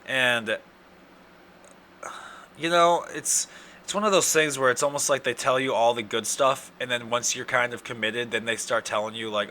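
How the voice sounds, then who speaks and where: A young man with an Upper Midwest accent, hosting a casual solo podcast, ranting and cursing in loud outbursts, his throat dry from yelling. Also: mid-range voice, fairly even intonation, normal speed, slight background noise. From Wisconsin. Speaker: podcast host.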